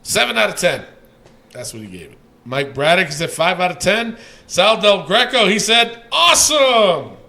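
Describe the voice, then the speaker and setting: A man co-hosting a casual podcast, reading listener ratings aloud in a loose, profane way that swings from mumbling to yelling. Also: sits high, animated, moderate pace, vocal fry.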